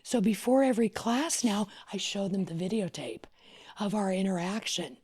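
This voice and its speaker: A middle-aged woman from Louisiana, a podcast guest, tells her story expressively, sometimes dropping to a whisper and sometimes rising with excitement. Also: mid-range voice, normal speed, breathy edge. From Louisiana, USA. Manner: expressive, often drops to a whisper or rises excitedly. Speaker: podcast guest, wedding planner. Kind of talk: animated storytelling in conversation.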